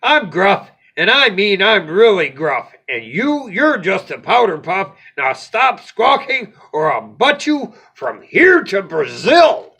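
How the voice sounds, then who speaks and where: A high, bright, loud little bully goat, as a man puts him on jeers and brags. His voice is slightly husky, and he speaks slowly and mockingly. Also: sing-song, exaggerated voice. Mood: jeering. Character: small mean bullying male goat, jeering.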